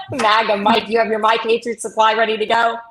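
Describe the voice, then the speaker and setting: A woman co-hosting a political talk show in casual chat, chatty and joking, with quick asides. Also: a little high, flat delivery, a bit bright, slight background noise. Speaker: co-host.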